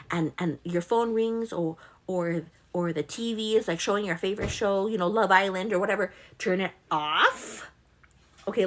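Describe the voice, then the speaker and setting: A young woman pregnant with twins hosts a casual live stream in a medium-pitched, slightly rough voice. She reads viewer comments in a chatty, affectionate way, calling everyone "girl".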